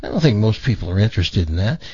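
A man's voice: fairly low pitch, quick pace, husky, no room sound, dull audio. A man hosting a talk radio show, joking with co-hosts and doing a folksy live read for a sponsor. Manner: folksy, joking, animated storyteller. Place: radio studio.

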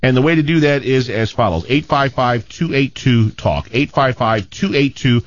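A man's voice: medium pitch, normal speed, highs cut off. A man hosting a radio talk show, joking with his co-hosts and often restarting his sentences. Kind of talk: casual sports radio banter.

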